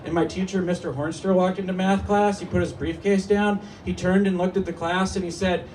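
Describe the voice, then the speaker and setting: A man in his thirties performing a stand-up comedy set in a small cafe, telling stories in a mock-serious, animated way, with laughter behind him. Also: high voice, fairly quick. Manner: animated, mock-serious storytelling with put-on voices. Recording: distant mic with noisy room. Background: audience laughter.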